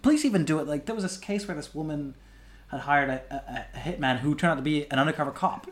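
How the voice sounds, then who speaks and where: A man's voice: a little high, fast talker. A man on a podcast telling a story in casual chat, rambling and swearing freely as he goes. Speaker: podcast co-host.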